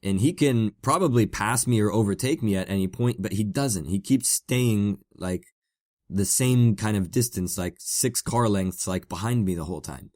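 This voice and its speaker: A man with a fairly low voice tells a casual story as a podcast host. He rambles, filling his sentences with "uh" and "like" and repeating words as he goes. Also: moderate pace, darkish tone. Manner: rambling, lots of fillers and repeated "like".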